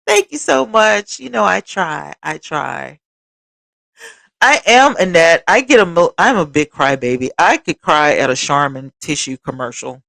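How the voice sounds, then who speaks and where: A woman's voice: deep voice, animated, a little slow, vocal fry, a bit bright, dry recording. A woman hosting a casual livestream, chatting expressively and talking straight to her viewers as she reads their comments. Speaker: livestream host.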